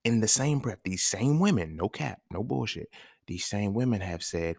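A man's voice: fairly low pitch, animated, moderate pace, gravelly, darkish tone, husky, no echo, studio quality. A man hosting a podcast, talking in a casual, emphatic monologue full of slang and swearing, often checking in with his listeners. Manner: emphatic, slangy, profane, asks listeners questions. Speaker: podcast host.

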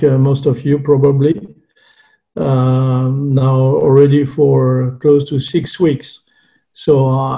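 A man in his sixties with a French accent, introducing himself as an investor on a video call and talking haltingly, with many fillers and restarts. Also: mid-range voice, warm tone, rough recording. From France. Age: 60s. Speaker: investor panelist.

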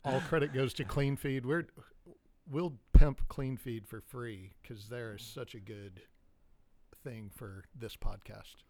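A man's voice: medium pitch, fairly even intonation, takes it slowly, a little mellow. Guy co-hosting a podcast, jokey and rambly, laughs a lot, mid voice. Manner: joking, rambling, laughs often. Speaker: podcast co-host. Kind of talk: casual podcast chat.

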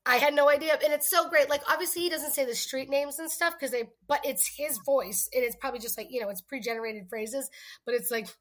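A woman co-hosting a podcast in casual chat, talking fast and loosely, often slipping into quoted movie lines. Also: high-pitched, steady tone. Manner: chatty, quotes movie lines in put-on voices. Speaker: podcast co-host.

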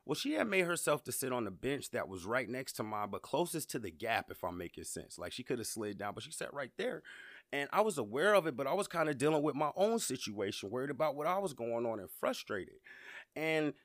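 Man, podcast host, casual storytelling, animated pitch, repeats words. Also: brisk, no room sound, studio quality. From Georgia, USA. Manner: conversational, repeats words, addresses listeners directly.

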